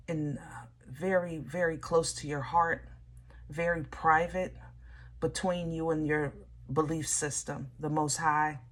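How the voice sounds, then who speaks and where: Woman doing a tarot reading, lowish voice, takes her time, kinda preachy. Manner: emotional, exclaiming, with laughter and repeats; slow, soft, preachy delivery. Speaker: tarot reader.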